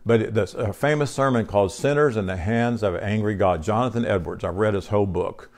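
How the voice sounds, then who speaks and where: A man's voice: fairly low pitch, fairly quick, darkish tone. A male pastor preaching in a conversational sermon style, reading scripture aloud and putting questions to his congregation. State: short on sleep.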